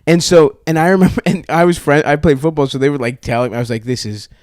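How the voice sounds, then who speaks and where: A man's voice: on the high side, fast talker, a little mellow, no room sound, clean studio sound. A man co-hosting a podcast, telling a crude story in a rambling way, with restarts and laughs. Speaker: podcast co-host. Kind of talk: casual storytelling chat.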